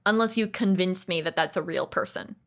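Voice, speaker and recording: A woman's voice: lowish voice, fairly quick, vocal fry, a bit bright. A woman co-hosting a podcast, chatting casually about movies in a digressive way and acting out other people's lines. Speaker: podcast co-host.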